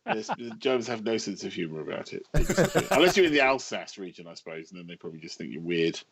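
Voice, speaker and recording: A man in his fifties from England, a writer talking as a podcast guest, telling wry, self-mocking stories in an animated way. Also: lowish voice, quick pace, a little hiss or hum. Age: 50s. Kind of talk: casual podcast chat.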